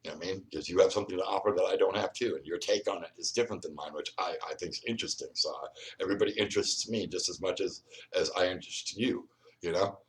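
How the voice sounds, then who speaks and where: A man's voice: low voice, quick pace. A man hosting his own video, rambling straight at the viewer and often repeating and restarting his words. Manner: confrontational, speaks straight to the viewer. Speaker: video host. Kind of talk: solo vlog monologue.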